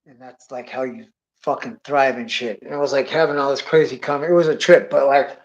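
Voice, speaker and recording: A man of middle pitch rambles through a wild tale, swearing freely and drawling "dude" again and again. He gets excitable, jumping into sound effects as he goes. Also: fairly quick, muffled recording. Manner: acts out sound effects and voices. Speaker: storyteller. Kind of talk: rambling comic monologue.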